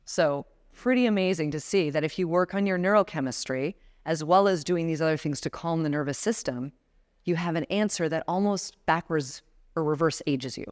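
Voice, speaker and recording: A woman's voice: low voice, normal speed, a little mellow. A woman in her forties giving a motivational talk at a conference, guiding the audience through breathing exercises and speaking directly to them. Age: 40s. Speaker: guest speaker. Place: conference room before a seated audience.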